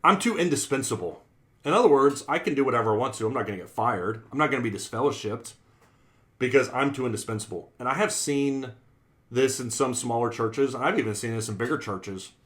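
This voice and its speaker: Man, preacher, conversational Bible class, earnest, repeats phrases, quotes everyday sayings. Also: medium pitch.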